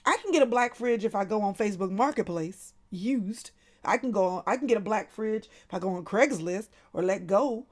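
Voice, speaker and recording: A woman's voice: mid-range voice, animated, moderate pace. A woman hosting a casual livestream, laughing often and calling her viewers by name. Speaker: livestream host.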